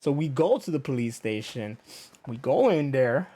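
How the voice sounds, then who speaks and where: A man's voice: medium pitch, moderate pace, husky. A young man hosting a podcast, ranting casually with lots of swearing and acting out what other people said. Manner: animated, profane, acts out others' lines. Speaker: podcast host. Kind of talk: casual storytelling rant.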